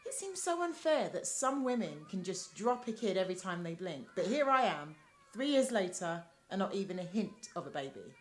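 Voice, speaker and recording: Teary, apologetic hotel manager played by an actress; very animated pitch. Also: female voice, normal speed, lightly acted. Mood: tearful. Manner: laughs often, teary, apologetic. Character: emotional hopeful hotel manager woman, apologetic. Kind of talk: TV drama acting.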